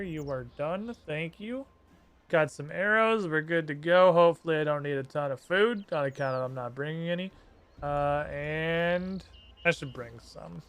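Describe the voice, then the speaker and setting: A man's fairly high voice comes across as fairly bright and clean. He's live-streaming gameplay, cursing and sarcastically commenting to himself as he plays.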